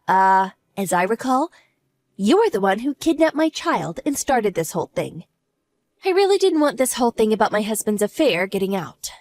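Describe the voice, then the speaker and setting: A woman voicing a wronged wife in an audio drama, smug and sarcastic as she calmly mocks. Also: mid-range voice, normal speed, no room sound, close to an everyday voice. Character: cool, mocking wronged wife, adult woman.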